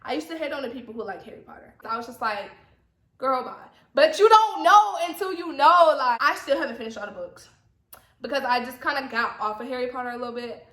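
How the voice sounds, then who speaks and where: A young woman from Atlanta with a slight Southern accent talks casually to her camera, repeating herself and tossing in teasing asides. Her voice is bright and a little high. The room rings with echo under a faint hiss. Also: animated, fast. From Atlanta, Georgia. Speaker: vlogger. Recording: echoey room with faint noise.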